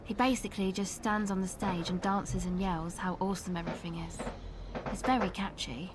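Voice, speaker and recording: An actress voicing a cool, guarded young woman in a video game, offhand and evasive, over clear background noise. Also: lowish voice, fairly even intonation, brisk, natural voice. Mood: laid-back. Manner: laid-back, evasive, offhand. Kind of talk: voiced video game dialogue.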